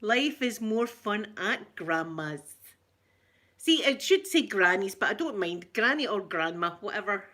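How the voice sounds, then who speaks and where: Excited Scottish woman, bright voice. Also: medium pitch, a little slow. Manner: excited and gushing, greeting viewers by name. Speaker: ASMR livestream host. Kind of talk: casual livestream chat.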